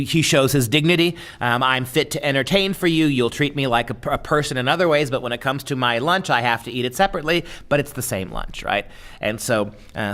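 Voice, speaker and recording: A man in the middle of a lecture, his voice at an ordinary middle pitch. He talks in a discursive way, throwing in rhetorical "right?" checks and "uh" fillers as his thoughts unfold. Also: fairly bright tone.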